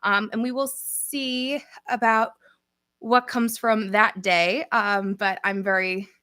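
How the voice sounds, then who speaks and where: A woman's voice: medium pitch, steady tone, slow pace, sharp tone, smooth, dry recording, studio quality. A young woman from New York with a New York accent, chatting casually with viewers as host of a livestream Q&A, upbeat and often laughing. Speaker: channel host.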